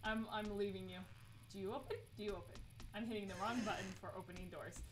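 A woman's voice: mid-range voice, steady tone, fast talker, slight background noise. A woman streaming a horror game, chatty and giggly as she talks to herself and her chat. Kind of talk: live let's play commentary.

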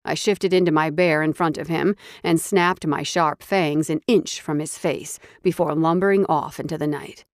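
Low-voiced woman narrating a romance audiobook. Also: steady tone, moderate pace, few pauses, no room sound, studio quality.

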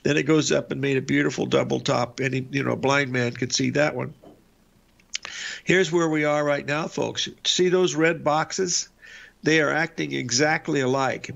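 A man's voice: a little high, creaky, a bit bright, highs cut off. An older man hosting a live trading show, talking in a folksy, rambling way with many fillers and restarts. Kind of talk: live market commentary.

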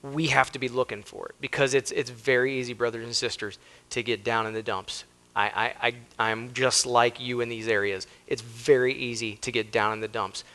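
A man's voice: medium pitch, little pitch movement, moderate pace, pushed and bright. An American man, a pastor preaching a sermon with emphasis, reading scripture aloud and acting out the people in the story. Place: church sanctuary.

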